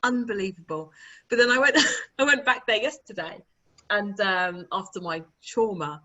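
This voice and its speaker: A woman tells stories in a relaxed, animated way, often breaking into laughter as she talks. Her voice sits in an ordinary middle range, and the recording sounds a little muffled, like a remote call. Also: mid-range voice, normal speed. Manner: animated, laughing, chatty anecdotes. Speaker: guest, author and publisher. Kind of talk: casual conversational storytelling.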